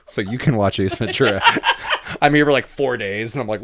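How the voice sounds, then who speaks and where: A man telling travel stories in a relaxed, casual way in a podcast interview, often swearing and acting out what people said. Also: lowish voice, a little fast, heavy background noise. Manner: laid-back, swearing, acts out dialogue. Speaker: guest photographer.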